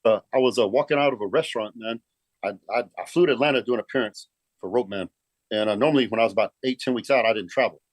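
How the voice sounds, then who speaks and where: A man's voice: medium pitch, very fast, dry recording. A middle-aged man, telling a story in a casual, profane way and saying "man" a lot. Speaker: guest, pro bodybuilder.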